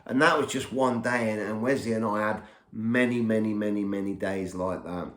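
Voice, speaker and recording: A man's voice: on the low side, normal speed, fairly bright tone. Man telling a story in a roomy echo. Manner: rambling, repeats words while recalling events. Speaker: podcast host. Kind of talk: personal storytelling.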